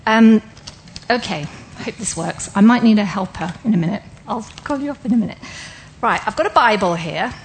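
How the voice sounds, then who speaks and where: Woman preacher, interactive Bible teaching, asks the room questions, clear step-by-step explaining, mid-range voice. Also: medium pitch, expressive, a little fast, a little hiss or hum, rough recording. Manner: engages listeners with questions; explanatory, breaks ideas down step by step.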